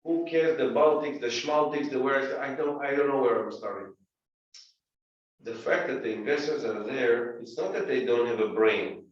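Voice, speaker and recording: A middle-aged man giving blunt, forceful coaching as an investor mentor, firing off emphatic points in quick bursts. He sits well back from the mic, so his voice comes across distant and dull. A strongly echoing room surrounds every word. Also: mid-range voice. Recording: roomy echo, distant, dull.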